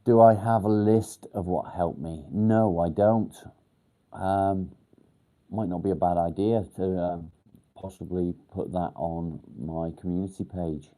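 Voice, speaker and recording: A man a low, mellow voice chats casually on a livestream. He talks in halting bursts, stops often to think and fills the gaps ums. He swears now and then in a relaxed way. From England, near Warrington. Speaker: livestream host. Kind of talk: casual live chat reading comments.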